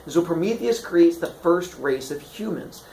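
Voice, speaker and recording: Old myths become comedy in this class, led by a man whose voice is on the high side and whose pace is ordinary. He jokes around and adopts silly character voices, and the echoey room adds a little hiss or hum.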